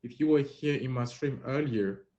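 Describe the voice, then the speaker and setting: A man's voice: mid-range voice, normal speed, mellow. A man hosting a playful pronunciation quiz on a live stream, teasing the players as he calls on them. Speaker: host running a live-stream French pronunciation game. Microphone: live-stream app audio. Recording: dull lo-fi stream audio.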